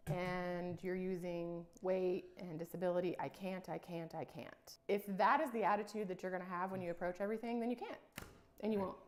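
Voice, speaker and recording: A woman's voice: lowish voice, steady tone, brisk. A woman conducting a job interview in a documentary, direct and businesslike.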